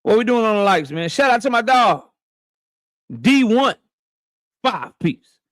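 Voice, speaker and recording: High-voiced man hosting a slangy live stream. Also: lively intonation, a little slow, dry recording, studio quality. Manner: loose, slangy shout-outs to viewers. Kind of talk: casual live stream chat.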